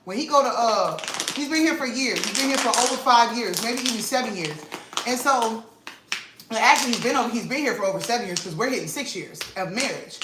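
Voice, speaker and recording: A woman vlog host, telling an animated, emphatic story to her viewers and repeating lines for effect, at home in her kitchen. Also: fairly high pitch, brisk. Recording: roomy echo with faint noise.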